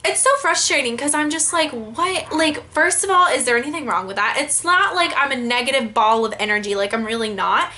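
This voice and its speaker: A woman's voice: sits high, a little fast, few pauses. A young woman vlogging about her pet peeves, exasperated and full of "like". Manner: exasperated, heavy use of "like", animated quoting. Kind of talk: casual ranting vlog.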